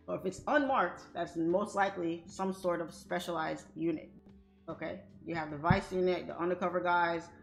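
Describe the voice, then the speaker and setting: A woman hosting a livestream, telling a story to her viewers in a blunt, animated way and swearing freely. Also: on the low side. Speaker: livestream trading host.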